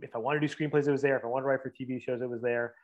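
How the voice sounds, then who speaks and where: A man's voice: medium pitch, fairly even intonation, very fast, highs cut off. A man in his forties, a writer from the Boston area and New Jersey, chatting casually as an interview guest, rambling with lots of fillers and restarts.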